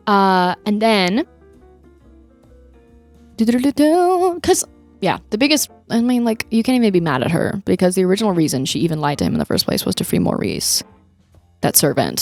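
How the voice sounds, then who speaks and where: A young woman with a lowish voice talks through a movie in a relaxed podcast chat. She retells the scenes with animated energy. Soft music plays faintly underneath. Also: brisk, creaky, dry recording. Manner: animated retelling with acted-out quotes. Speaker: podcast co-host. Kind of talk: casual movie-review chat.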